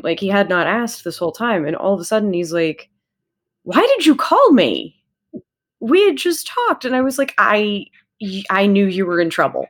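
A woman podcast host telling a story in casual chat, acting out quotes and laughing often. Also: on the low side.

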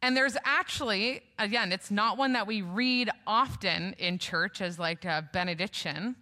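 A woman's voice: medium pitch, a little slow, sharp tone. A woman preaching a sermon in a conversational way, often asking the congregation questions.

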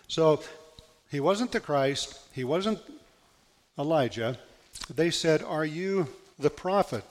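A male pastor preaching a sermon, reading scripture aloud in an earnest, emphatic way. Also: fairly high pitch. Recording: long hall reverb.

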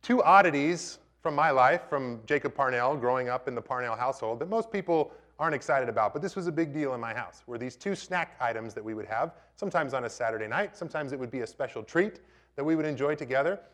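A man's voice: mid-range voice, animated, fast, fairly bright tone. A man in his thirties preaching a conversational sermon, joking with the congregation.

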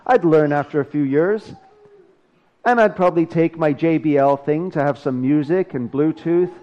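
A man's voice: on the high side, normal speed, muffled recording. A male pastor preaching a sermon, talking casually and joking between his scripture readings.

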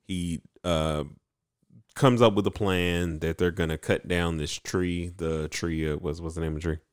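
A man's voice: deep voice, fairly even intonation, unhurried, clean tone, no room sound, clean studio sound. A man co-hosting a casual podcast, recapping an anime episode in a rambling way full of likes and ums. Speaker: podcast co-host.

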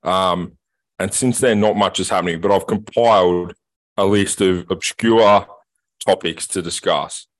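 A low-voiced man co-hosting a casual podcast. He tells stories in a sweary, animated way. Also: unhurried. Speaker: podcast co-host. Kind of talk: casual chat, storytelling.

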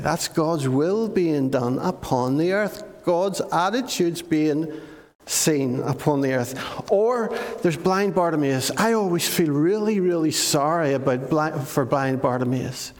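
A man giving a lively storytelling sermon to children in church, often asking his listeners questions. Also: on the high side. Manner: animated, asks the listeners questions. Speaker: preacher giving a children's talk. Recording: long reverb of a large hall.

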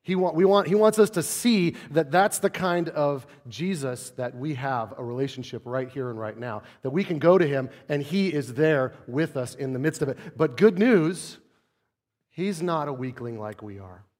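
A man, a pastor, preaching a sermon in a conversational way, dropping to soft low tones to stress a point. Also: moderate pace, long reverb tail.

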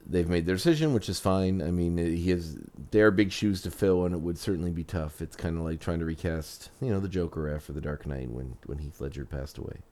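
Low, mellow-voiced man hosting a podcast. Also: fairly quick, few pauses. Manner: rambling, with fillers and restarts. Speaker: podcast host. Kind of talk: casual podcast monologue; storytelling narration.

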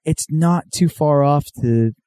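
Laid-back swearing man, mellow dry voice. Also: fairly high pitch, slow, no echo. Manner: rambling, profane, laid-back, lots of fillers. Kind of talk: casual storytelling chat.

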